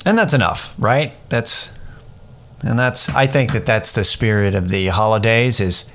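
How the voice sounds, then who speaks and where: A man's voice: fairly low pitch, unhurried. Candid profane man telling a story. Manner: candid, rambling, profane, animated when quoting others. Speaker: podcast host. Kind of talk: casual storytelling monologue.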